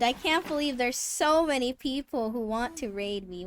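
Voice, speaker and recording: Bubbly woman streamer, higher voice, chatty and giggly with her viewers. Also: normal speed, few pauses, faint music behind. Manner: bubbly, squeals with excitement, then mutters softly. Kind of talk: casual live-stream chat, reading chat aloud.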